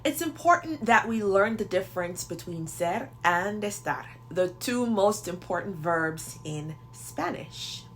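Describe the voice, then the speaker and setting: A woman with a Jamaican accent hosting a language lesson, explaining clearly and slowing down to model example phrases. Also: mid-range voice, expressive, a little hiss or hum. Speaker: Spanish teacher and video host. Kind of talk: instructional video talk.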